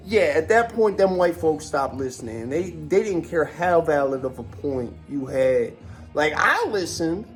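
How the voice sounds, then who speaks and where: A man in his forties rants in a casual podcast style, swearing freely and circling back on himself. His voice sits high for a man. Faint music plays underneath. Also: moderate pace. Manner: animated, profane, rambling with many fillers. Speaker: former wrestler.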